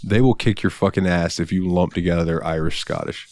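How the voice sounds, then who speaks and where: A man's voice: deep voice, steady tone, a little fast, darkish tone, dry recording, clean studio sound. A man co-hosting a podcast, chatting casually with crude jokes and frequent swearing. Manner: crude, joking, swears a lot. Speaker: podcast co-host. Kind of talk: casual chat.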